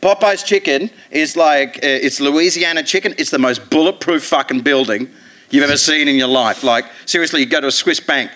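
An Australian man, a comedian guest on a live podcast, telling stories in a profane, animated way and slipping into put-on voices. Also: a little high, brisk. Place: theatre stage.

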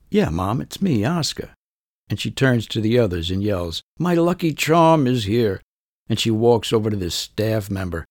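A middle-aged man narrates a first-person story as a podcast host, wry and conversational. His voice is low, gravelly and husky. The recording is dry and close. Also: a little mellow, no echo.

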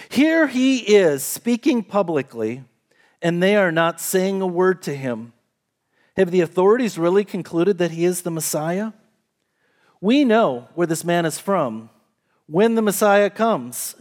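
A man with a high voice preaches a sermon, retelling a scripture story in a relaxed, conversational way. His delivery rises and falls, now quick and pressing, now slow and hushed. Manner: storytelling, conversational, rising and falling emphasis. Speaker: pastor.

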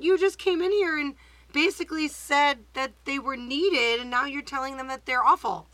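A woman co-hosting a podcast, recapping a movie in casual chat, animated and swearing freely. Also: sits high, moderate pace, poor audio. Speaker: podcast co-host.

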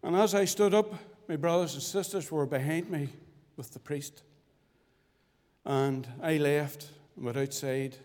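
A middle-aged man giving his gospel testimony as a lay preacher, earnest and pleading, with dramatic pauses. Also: a little high, a little mellow. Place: church fellowship hall. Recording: long hall reverb.

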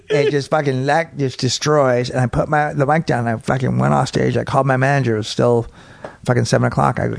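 A man's voice: mid-range voice, fast, creaky, no echo, clean studio sound. A middle-aged male comedian telling a long, profane story in casual chat, acting out bits of it. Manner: profane, animated, acts out bits. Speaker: comedian guest. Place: home studio man cave. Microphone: podcast mic.

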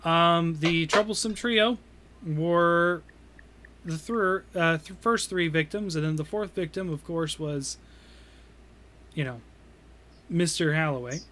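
A woman's voice: fairly low pitch, slow, pauses often, a bit bright, a little hiss or hum. A man voicing a proud little gnome investigator. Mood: briefing. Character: tiny proud tireless female gnome investigator. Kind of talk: tabletop role-play.

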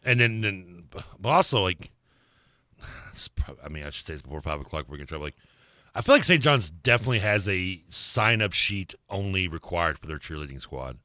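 A man co-hosting a sports radio show in casual banter, rambling and restarting his sentences, quick to laugh. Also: low voice, very animated, bright, forceful tone, no room sound, clean studio sound. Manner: rambling, self-interrupting, laughs easily.

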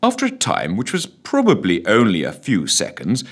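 A man's voice: on the low side, huge pitch swings, moderate pace, husky. A man narrating a comic story with a wry, mock-solemn delivery.

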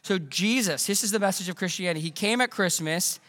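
Bright, earnest male pastor preaching. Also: sits high, a little fast, long reverb tail. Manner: earnest, conversational, with frequent restarts. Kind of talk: sermon. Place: church sanctuary.

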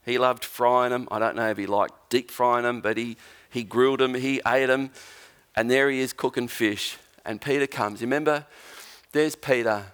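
A man's voice: mid-range voice, moderate pace, clean tone. A man preaching a sermon as a pastor, telling a Bible story with humour and acting out the lines of its characters. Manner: animated storyteller, acts out quotes.

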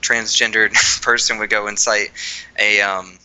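A young man with a low, very bright and forceful voice talks politics off the cuff. He stumbles through fillers and restarts as he builds his points. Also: level tone, clear, resonant tone, low-quality recording. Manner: halting, many fillers and restarts. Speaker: podcast co-host. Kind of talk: casual political chat.

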